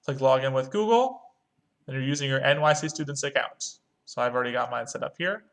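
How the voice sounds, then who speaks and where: A man's voice: mid-range voice, a little fast, gravelly, fairly bright tone. A male music teacher, walking young students through a screen-recorded online lesson step by step. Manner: talks through clicks step by step, chants rhythm syllables.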